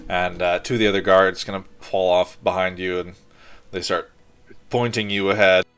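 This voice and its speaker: Low-voiced man running a tabletop game. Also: normal speed, soft background music. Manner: relaxed, rambling with many fillers. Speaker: game master.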